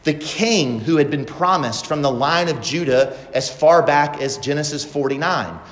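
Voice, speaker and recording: A man's voice: on the high side, normal speed, roomy sound, big-room sound. A man preaching a sermon as pastor, asking the congregation rhetorical questions.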